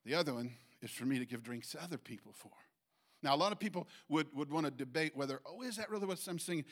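A man preaching a sermon in a conversational way, reading scripture slowly and checking in with his listeners. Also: fairly high pitch. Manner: bursts into loud acted shouts when quoting. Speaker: pastor. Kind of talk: sermon teaching.

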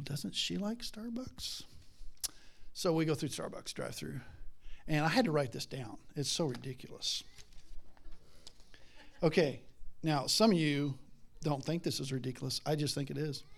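A man's voice: fairly high pitch, steady tone, normal speed, gravelly. Chatty rambling preacher man. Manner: chatty, rambling, laughs often, acts out voices in stories. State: has a daughter. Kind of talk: casual sermon with storytelling.

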